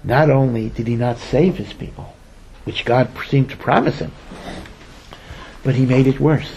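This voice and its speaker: A rabbi gives a Torah sermon, and the man tells it as a story. He repeats words for emphasis and briefly takes on the voices of the people he quotes. His pitch sits in an ordinary middle range for a man. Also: a little slow, gravelly, darkish tone, dull audio, slight background noise. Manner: acts out quoted speakers.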